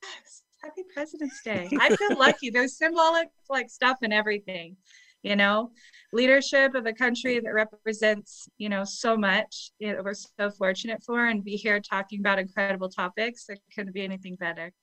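Bubbly bright-voiced woman on a call. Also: mid-range voice, steady tone, moderate pace, no echo, low-quality recording. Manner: bubbly, laughs often. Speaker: guest. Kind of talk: casual chat. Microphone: video call.

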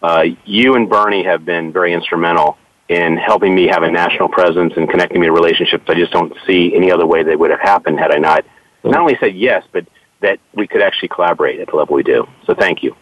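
A man with a very deep voice speaks in a relaxed interview manner, pausing with fillers and restarting his sentences. The recording sounds dull and lo-fi, with a dry, close tone. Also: no room sound. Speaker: interviewer and photographer. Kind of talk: casual interview conversation.

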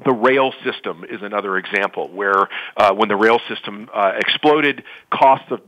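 A man answering as a panel guest, speaking in a halting way with many restarts. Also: fairly low pitch, pushed and bright, poor audio. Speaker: panel guest, company co-founder.

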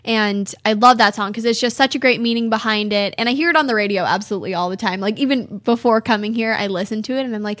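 A woman's voice: on the high side, brisk, a bit bright, no room sound, studio quality. A teenage girl from California hosting her own radio show, chatting and rambling with frequent giggles. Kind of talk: casual solo talk show.

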